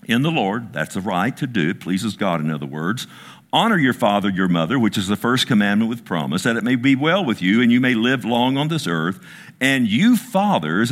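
A middle-aged man, a pastor, preaching a sermon and asking his congregation for responses. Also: medium pitch.

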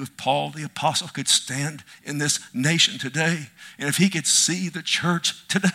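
A middle-aged male preacher delivering an impassioned sermon, swinging from loud cries to hushed near-whispers. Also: on the high side, normal speed, vocal fry, few pauses.

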